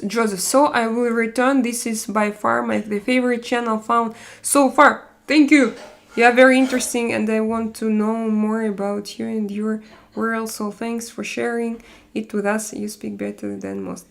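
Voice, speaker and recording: Russian-accented woman chatting haltingly on a live stream. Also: medium pitch, gravelly. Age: 40s. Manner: halting, many fillers and restarts, non-native grammar. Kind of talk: casual live-stream chat reading viewer comments.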